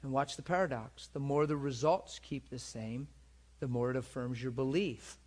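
A man's voice: mid-range voice, normal speed, darkish tone. A man preaching a storytelling sermon in an earnest way, often checking that his listeners follow him.

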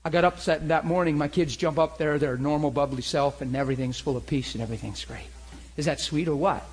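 A middle-aged man preaching, telling a story with animated acted-out dialogue. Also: on the high side, a little fast, poor audio. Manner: animated, acts out both sides of dialogue. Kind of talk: sermon storytelling.

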